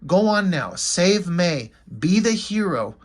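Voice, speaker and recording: A man's voice: sits high, very animated, takes it slowly, full character voice. A man voicing a loving young wife from a comic book, pleading earnestly and urgently, close to his own voice.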